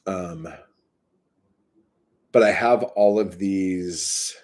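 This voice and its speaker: A man's voice: low-pitched, drawn-out words, a little mellow. A man casually telling a story in a vlog, swearing often and rambling with many fillers and asides. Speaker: vlogger.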